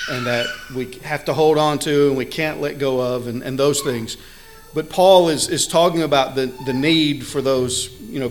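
A man's voice: on the high side, low-quality recording. A man preaching a sermon earnestly, stressing key words and building emphasis, with occasional fillers and restarts. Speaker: pastor.

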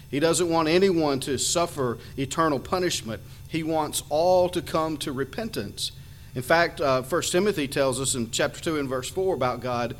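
A man preaching a sermon, earnest and emphatic, reading Bible verses aloud and slowing down on his key phrases. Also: on the high side, slight background noise. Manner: reads Bible verses in old-fashioned wording. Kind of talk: sermon on scripture.

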